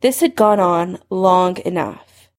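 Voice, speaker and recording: A woman narrating a fan fiction story in a steady storytelling voice. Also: on the low side, slow pace. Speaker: reader.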